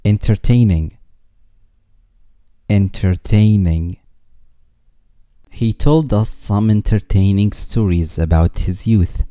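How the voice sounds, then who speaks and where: A man reading English vocabulary words twice each, followed by a slow example sentence. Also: fairly low pitch, warm tone, clean tone, no echo, studio quality.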